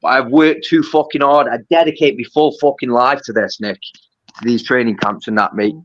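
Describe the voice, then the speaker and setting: A man's voice: medium pitch, moderate pace. A young man, a boxer swearing and insisting again and again that he will win. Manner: swears constantly, insistent and repetitive. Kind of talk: heated pre-fight face-off. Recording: dull lo-fi sound, dry.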